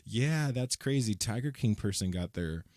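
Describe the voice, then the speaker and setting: Young male podcast co-host, low pitch, dry close recording, animated storyteller. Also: moderate pace, dry recording. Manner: animated storyteller, lively retelling. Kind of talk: casual chat.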